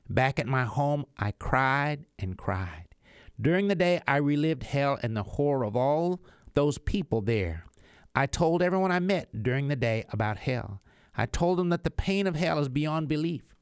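A man's voice: fairly high pitch, expressive, normal speed, smooth, no echo, clean studio sound. Earnest man reading a religious book. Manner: earnest, pleading, emphatic. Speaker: audiobook reader.

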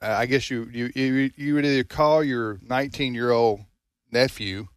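A man's voice: medium pitch, fairly even intonation, moderate pace, smooth. A rambling man hosts a radio fundraiser, his words looping back on themselves as he chats with the studio. The room sounds close and dry, with no echo behind him. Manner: rambling, repeats words, laughs often. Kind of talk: casual studio chat.

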